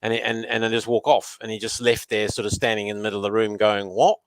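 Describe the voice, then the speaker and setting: A man with a fairly low voice, speaking as a guest in a conversation. He tells lively stories about his work, and the sound is dry, with no room echo. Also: fast talker. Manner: anecdotal, lively storyteller. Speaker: guest running a youth learning program. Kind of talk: storytelling conversation.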